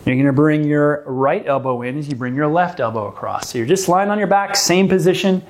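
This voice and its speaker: Calm man coaching an exercise class. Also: a little high, a little fast. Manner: calm, gently coaching, explains the reasons for each move. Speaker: movement class instructor. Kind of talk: guided exercise class instruction.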